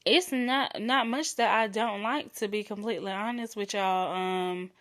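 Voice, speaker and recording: A young woman hosts her own podcast in a loose, candid solo chat. Her voice sits in a middle pitch, and she speaks frankly and playfully, often slowing and dropping softer on intimate words. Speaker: podcast host.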